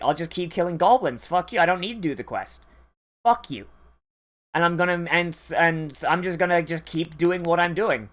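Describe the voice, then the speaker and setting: Anime reviewer, casual reaction commentary, rambling, profane, lots of fillers, mid pitch.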